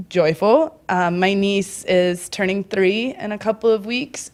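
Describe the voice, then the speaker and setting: A young woman performing a stand-up comedy set at a live club, rambling and self-mocking with frequent giggles and fillers, bursting into loud, high-pitched quoted voices.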